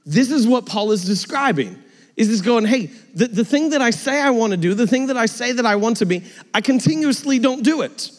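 A man's voice: extremely high pitch, lively intonation, a little fast. Conversational pastor, a man in a big hall. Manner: conversational, self-deprecating, acts out dialogue. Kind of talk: sermon.

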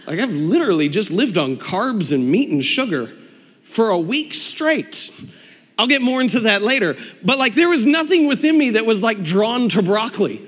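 A man preaching a sermon as pastor, telling stories in a conversational, animated way with quick laughs and acted-out asides. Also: sits high, in a large hall.

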